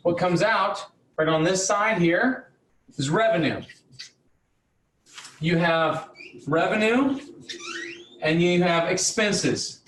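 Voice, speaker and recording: A man's voice: high-pitched, takes it slowly, pauses often, a bit bright, far from the mic, a little hiss or hum. Fired-up man coaching in an echoey room. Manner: fiery motivational, blunt, mild swearing. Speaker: business coach for auto repair shop owners. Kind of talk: live online coaching session.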